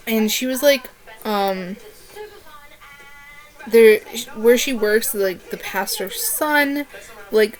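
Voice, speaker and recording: A young woman chatting casually in a book review vlog, rambling and gushing with constant "like" fillers. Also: medium pitch.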